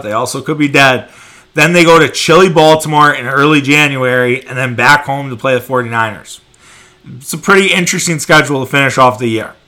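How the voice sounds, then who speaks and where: A man's voice: medium pitch, bright, forceful tone. A man hosting a sports podcast, giving emphatic, opinionated commentary and swearing freely.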